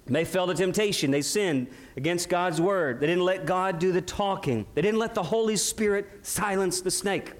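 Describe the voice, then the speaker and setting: Man, pastor, high voice, emphatic sermon, rhetorical questions. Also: normal speed, hardly any pauses.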